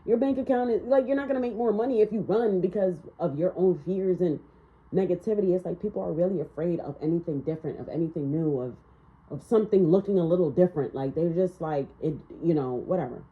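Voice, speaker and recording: A woman's voice: on the low side, brisk, narrow, tinny audio. Blunt, swearing woman reading tarot. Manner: blunt, profane, ranting. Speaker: tarot reader. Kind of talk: casual spiritual tarot reading.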